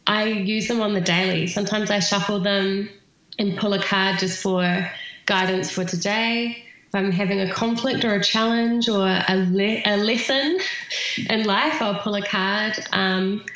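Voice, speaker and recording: A woman with a New Zealand accent, a podcast guest chatting at length and filling her pauses with ums. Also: mid-range voice, steady tone, a bit bright, heavy reverb, highs cut off. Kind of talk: casual podcast interview.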